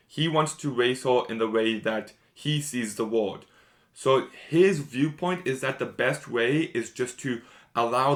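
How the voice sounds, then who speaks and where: A man's voice: mid-range voice, a bit bright. A man giving a casual, rambling spoiler review of a show, enthusiastic and repeating himself often.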